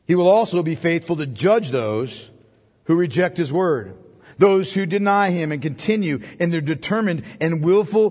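A man preaching an expository sermon, emphatic, with rhetorical questions that build to forceful peaks. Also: high voice, long reverb tail.

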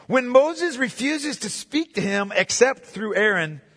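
A man's voice: very high-pitched, animated, unhurried, a bit bright. A man preaching an expository sermon to a congregation, emphatic and repetitive, asking the room questions. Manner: emphatic, repeats points, asks the congregation questions. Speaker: pastor. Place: church sanctuary. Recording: reverberant hall.

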